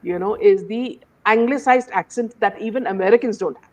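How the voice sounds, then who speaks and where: A woman hosts an opinionated commentary chat, her pitch sitting in an ordinary middle range. She rambles scornfully and keeps circling back with "you know" as she builds her points. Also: brisk. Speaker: host.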